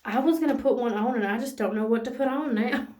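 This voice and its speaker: A woman, gushing excitedly and saying "y'all" as she walks through a casual makeup tutorial. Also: a little high, quick pace. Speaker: beauty vlogger.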